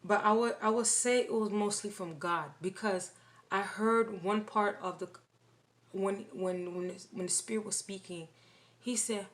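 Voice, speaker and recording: A woman recounting a dream in casual spoken testimony, halting and repeating phrases with many restarts. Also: medium pitch, steady tone.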